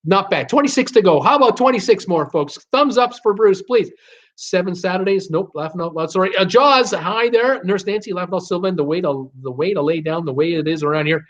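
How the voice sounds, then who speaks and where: A man's voice: high voice, animated, a little fast, a bit bright. A man hosting a live stream, reading viewer comments aloud and greeting each viewer by name in a chatty, upbeat way. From United States. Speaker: host of a live cruise Q&A stream. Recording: slightly dull, lo-fi stream audio.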